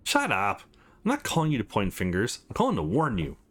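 A man's voice: on the low side, huge pitch swings, fairly quick, a bit bright, full character voice. A man voicing a worried male judge in a visual novel, urgent and pleading on the phone.

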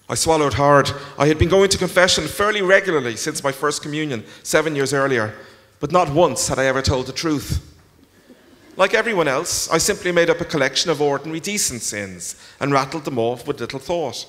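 A man's voice: fairly high pitch, fairly quick. A man reading his first-person story aloud to a live festival audience. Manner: expressive, storytelling. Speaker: author reading at a literary festival. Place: large concert hall. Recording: long concert hall reverb.

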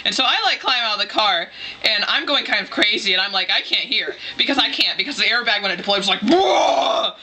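A woman telling a personal story in a casual, rambling, excitable way, full of "like". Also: mid-range voice, fast. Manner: rambling, excitable, heavy use of "like".

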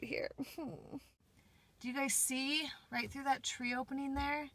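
High-voiced young woman venting in a vlog. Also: normal speed, darkish tone, dry recording. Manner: frustrated, swearing a lot. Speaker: vlogger. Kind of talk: casual daily vlog. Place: in and around a car, outdoors. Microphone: handheld phone.

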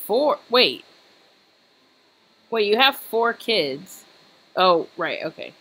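A woman's voice: medium pitch, big pitch swings, slow, fairly bright tone, breathy edge. A woman giving casual, giggly commentary while playing a video game, exclaiming and joking as she goes. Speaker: let's play host.

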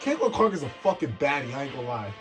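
A young man heckles his father loudly during a family game tournament. His speech is mocking and quick, at a middling pitch that jumps around a lot. Faint music sits under the talk. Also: big pitch swings. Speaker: son and player in the family tournament. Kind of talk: casual trash-talk over gameplay.

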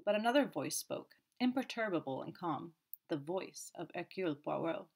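Brief: woman narrator, lowish voice, steady measured audiobook reading. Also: slightly rough.

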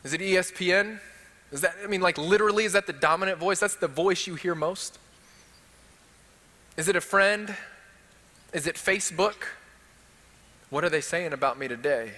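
Texan preacher guy, high bright voice, firing off rhetorical questions, big church hall echo. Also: moderate pace, pauses often. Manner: impassioned, building rhetorical questions. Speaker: teaching pastor. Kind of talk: sermon. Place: church sanctuary. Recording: long hall reverb.

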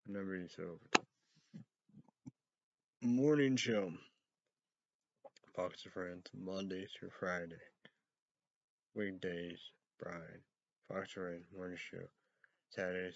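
A man hosting a rambling solo talk show, reading out names and words one by one in a halting way. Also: low-pitched, gravelly. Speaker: host. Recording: dull lo-fi recording.

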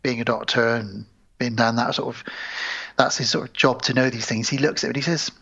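A man's voice: mid-range voice, steady tone, brisk, fairly bright tone, husky, highs cut off. A man, a podcast co-host retelling a film's plot at length in casual chat. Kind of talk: casual film-recap chat.

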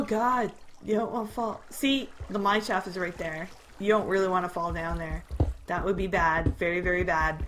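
A young woman chatting casually over her gameplay, easily startled and poking fun at herself. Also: fairly high pitch. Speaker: gamer. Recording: noisy home recording.

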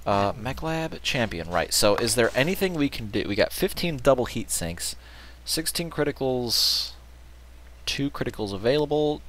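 A man's voice: medium pitch, expressive, moderate pace, a bit bright, slight background noise. A man giving casual gameplay commentary, muttering, joking and swearing, with game music behind him. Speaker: let's play host.

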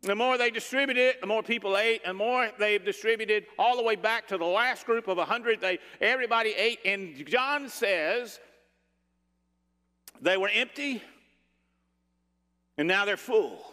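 A man preaching a sermon in a church, dramatic, and dropping to hushed tones for emphasis. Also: high-pitched, moderate pace, few pauses. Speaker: pastor. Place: church sanctuary. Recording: long church reverb.

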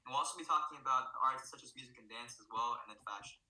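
A man presenting as a student, explaining in a relaxed, casual way with many fillers. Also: medium pitch, fast. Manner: relaxed, filler-heavy, often says "right?" and "so yeah". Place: indoor room, virtual showcase recording. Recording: roomy echo.

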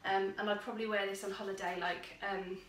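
A woman's voice: mid-range voice, little pitch movement, fast, a little hiss or hum. A young woman chatting casually and enthusiastically in a home vlog, rambling a little as she shows her finds. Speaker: vlogger. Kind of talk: casual chat. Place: upstairs room at home.

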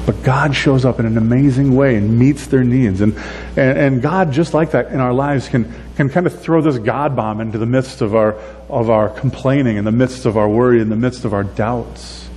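A man's voice: medium pitch, moderate pace, a little mellow. Conversational male pastor in an echoey hall. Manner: conversational preaching, acting out quoted prayers in a raised voice. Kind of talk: sermon. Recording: echoey hall with faint hum.

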